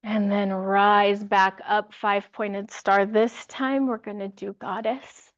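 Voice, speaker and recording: A woman teaching a yoga class, giving calm, encouraging cues and laughing lightly now and then. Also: mid-range voice, slow pace, dry recording, lo-fi sound. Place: yoga studio with music.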